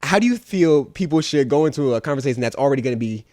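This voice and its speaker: A man's voice: mid-range voice, expressive, fast, a little mellow, no echo, studio quality. A man co-hosting a podcast in casual chat, rambling and mimicking other people in quoted bits. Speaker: podcast co-host.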